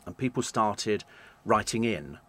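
A man, a radio presenter telling animated stories in an interview. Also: lowish voice, measured pace. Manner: animated anecdotes, acts out quoted voices. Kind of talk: storytelling in an interview.

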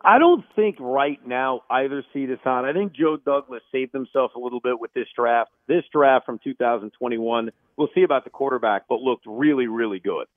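An opinionated man talks sports over a tinny, phone-like line with no room sound at all. He argues his points emphatically and breaks into loud, animated bursts when he makes a claim. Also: mid-range voice, normal speed, few pauses, dry recording. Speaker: sports radio host, guest. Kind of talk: sports radio interview.

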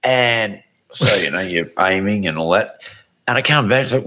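A man with a low voice that leaps up and down as he rambles through crude stories. His delivery is loose and bawdy, like easy podcast banter. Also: lively intonation, moderate pace, a bit bright. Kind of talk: casual chat, crude anecdotes.

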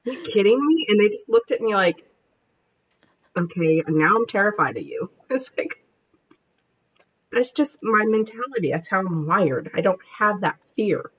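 A woman's voice: medium pitch, animated, measured pace, pauses often, a bit bright, husky, poor audio. A woman in her forties, a podcast guest, telling combative stories in a brash, profane way. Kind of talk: casual chat.

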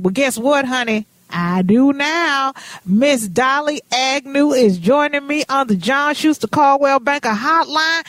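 A woman's voice: high-pitched, a little slow, a bit bright, no echo. A woman hosting a radio talk show, chatty and personal, calling her guest honey and baby. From Minnesota. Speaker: radio host.

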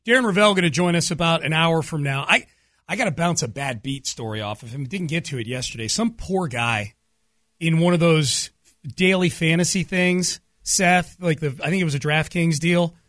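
An upbeat male sports radio host who leans into storytelling and slows down for emphasis. His voice sits high and bright for a man, and it is heard close and dry in the studio. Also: no echo. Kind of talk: casual sports radio talk. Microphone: studio microphone.

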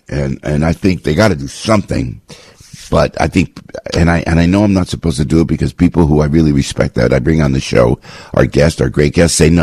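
A man's voice: very deep voice, creaky, warm tone, slightly rough, no echo. A man hosting a talk radio show, speaking in a fired-up, indignant and rambling way from a radio studio.

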